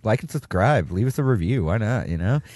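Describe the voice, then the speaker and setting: Animated comedy podcast co-host man. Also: a little fast, a little hiss or hum. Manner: playful, lively voice with sudden high jumps. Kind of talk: improvised comedy bit.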